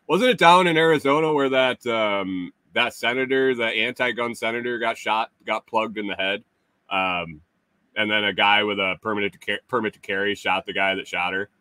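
A middle-aged man hosting a casual live stream, reading chat comments aloud and teasing viewers with chuckles and halting restarts. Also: medium pitch, sharp tone, no room sound.

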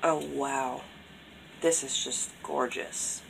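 Here a woman with a bass voice and vocal fry speaks slowly over background noise. She's a craft vlogger opening happy mail, chatting casually to camera and gushing with excitement, praising each piece again and again.

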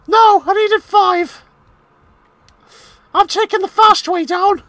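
A shrill, strained comic voice squeezed up into a thin falsetto, as a man puts it on. It stretches every word slowly in a sing-song way, pitched far above a normal speaking voice. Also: steady tone, pushed and bright, dry recording, heavily acted. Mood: silly. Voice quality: strained falsetto that hurts the throat. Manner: drawn-out, sing-song delivery. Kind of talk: comic put-on voice during a game stream.

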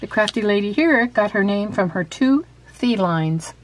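A woman's voice: medium pitch, expressive, normal speed. A woman chatting casually about her handmade journal, with frequent ums and restarts, then reading out quiz questions. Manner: reads quiz questions aloud. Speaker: craft vlogger. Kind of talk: casual show-and-tell and quiz.

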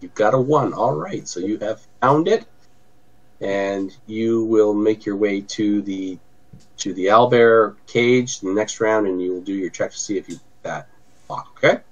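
A man's voice: lowish voice, measured pace, dull audio. A man acting as game master of a tabletop game, narrating in an easygoing way and thinking aloud as he goes.

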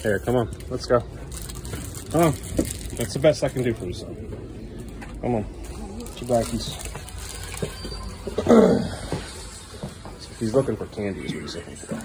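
A very animated man with a mid-range voice speaks unhurriedly and often pauses while filming a casual family vlog indoors at home. He coaxes his young sons along patiently and playfully, and background noise is clearly audible in the home video.

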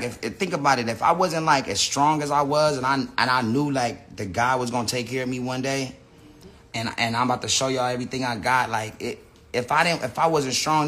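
A man's voice: mid-range voice, sharp tone. A man ranting unscripted to his viewers, profane and rambling, often restarting his sentences. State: says he is high. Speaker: person telling his side of a story.

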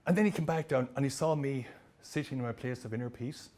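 A man giving a lively motivational presentation to trainees, telling stories with humor. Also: medium pitch, fast talker. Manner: animated, storytelling, jokey. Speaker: motivational speaker.

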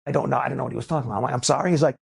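A man from the United States, a rabbi, giving an inspirational talk that moves between lively storytelling and emphatic preaching. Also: very fast, gravelly, slightly rough. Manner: animated storyteller, swings between low asides and emphatic preaching.

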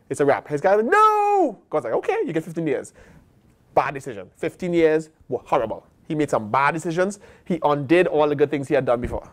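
A man with an American accent, a pastor preaching a sermon and acting out the voices of God and the prophets. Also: fairly high pitch.

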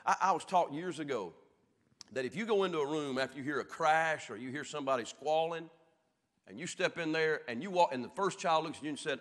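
A man with a Southern American accent preaching a sermon as pastor, swinging from shouted peaks down to low, quiet lines. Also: fairly quick. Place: church sanctuary. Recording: echoey church hall.

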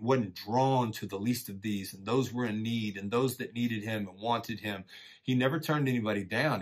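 Husky-voiced man preaching casually. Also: lowish voice. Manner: folksy and encouraging, often says "man" and "you know". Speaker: church teacher. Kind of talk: casual conversational sermon.

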